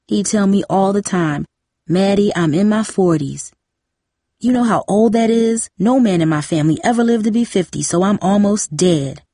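A woman voicing a weary middle-aged mother who speaks softly and apologetically. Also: mid-range voice, no echo, studio quality, close to an everyday voice. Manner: soft, apologetic. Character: tired middle-aged mother, soft and rueful.

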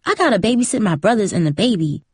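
A woman's voice: mid-range voice, animated, slightly rough, dry recording, clean studio sound. A woman voicing a busy teenage girl who turns down an invitation in a hurry. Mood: apologetic. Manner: hurried, apologetic.

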